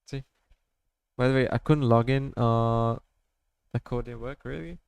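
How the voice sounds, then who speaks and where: A man's voice: medium pitch, fairly even intonation, unhurried, vocal fry, a little mellow, clear, resonant tone, no room sound. Rambling casual man explaining trades. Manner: rambling, full of "like" and "right?", talking to viewers. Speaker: amateur trader showing his charts. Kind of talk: casual screen-share tutorial.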